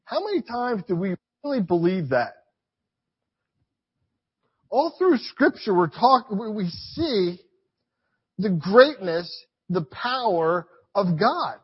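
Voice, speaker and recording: A man preaching a sermon to his church, emphatic and repetitive, swinging between loud urging and quiet reflection. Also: high-pitched, very animated, slow, long pauses, husky, highs cut off.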